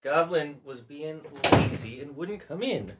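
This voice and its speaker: A man who hosts a live stream as a game master, chatting in an animated, rambling way. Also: a little high, measured pace, a little hiss or hum. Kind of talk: casual live-stream chat.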